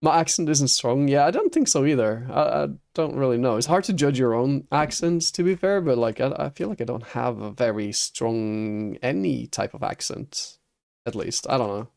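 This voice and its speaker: A man's voice: medium pitch, normal speed, vocal fry, a little mellow. A Norwegian man, a native Norwegian speaker, chatting casually with viewers on a game livestream and chuckling often. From Norway. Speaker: streamer.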